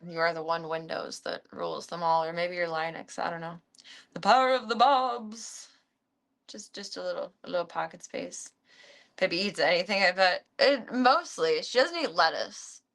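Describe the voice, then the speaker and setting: Chatty young woman with a gravelly voice. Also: normal speed, fairly bright tone. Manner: chatty, talks to her pets in a high coaxing voice. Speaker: streamer. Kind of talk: casual chat while feeding pets.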